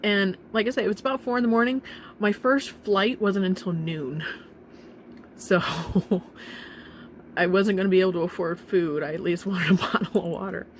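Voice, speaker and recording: Woman vlogger, young, halting and tearful storytelling, mid-pitched voice, faint background hiss. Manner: halting, tearful, with nervous laughs and restarts. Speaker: vlogger telling her own story. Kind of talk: emotional personal storytelling.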